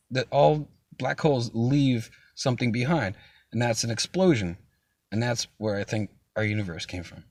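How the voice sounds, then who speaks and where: A man's voice: mid-range voice, no echo. A young man hosting a casual chat stream, rambling loosely with frequent swearing and laughter. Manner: rambling, profane, laughs often. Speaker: stream host.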